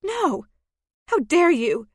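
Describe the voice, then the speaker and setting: A proud young noblewoman, voiced by a female narrator, defiant and guarded, whose indignation comes through in her replies. Her voice sits at a medium pitch. The recording is dry and close, with nothing of the room behind it. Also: moderate pace, no room sound, lightly acted. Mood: indignant. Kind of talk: audiobook character voice.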